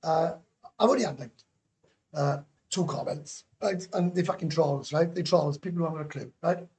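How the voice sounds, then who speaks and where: A man calling into a livestream, telling stories in a rambling, excitable way with plenty of swearing and tag questions. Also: a little high, normal speed. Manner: keeps adding tag questions. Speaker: guest YouTuber calling into a livestream. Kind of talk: casual livestream chat.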